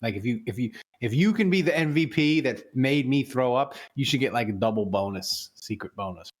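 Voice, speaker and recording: A man's voice: medium pitch, animated, a little fast. A man hosting a sports podcast in casual chat, queasy after throwing up and rambling with repeated words. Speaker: podcast host.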